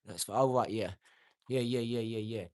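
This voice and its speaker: A man's voice: lowish voice, moderate pace, warm tone. A man, talking brashly and boastfully on his own live stream, answering comments. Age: 40s. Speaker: livestream host.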